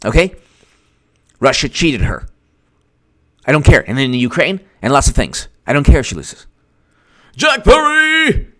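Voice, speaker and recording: A man riffs sarcastically through a casual livestream, his pitch swooping up and down in lively, mocking bursts. The sound is dry and close, with no room around the voice. He keeps laughing and breaking off to answer viewers' chat. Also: moderate pace, pauses often, no room sound. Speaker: political commentator, host.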